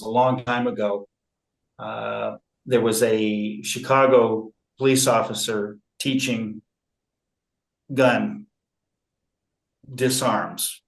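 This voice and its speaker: A man speaking in an interview about conflict resolution, slow and measured, with frequent fillers and restarts. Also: medium pitch, roomy sound, rough recording. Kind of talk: relaxed interview talk.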